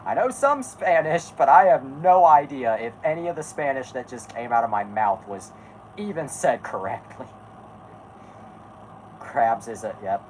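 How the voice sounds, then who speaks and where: Swearing streamer yelling at a video, voice all over the place, bit of hiss. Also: medium pitch, unhurried, low-quality recording. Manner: loud, swearing, laughing, excitable. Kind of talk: reacting while watching a video.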